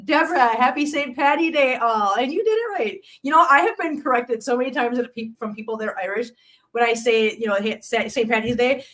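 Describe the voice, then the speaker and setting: A woman hosting a casual live stream, chatty and quick to laugh, often talking to her cats. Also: on the high side, a bit bright, distant mic.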